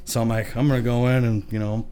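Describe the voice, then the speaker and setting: A man's voice: medium pitch, flat delivery, quick pace, dark tone, smooth, soft background music. A young adult man from Michigan casually telling a long, profane story, often laughing as he talks. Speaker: podcast guest.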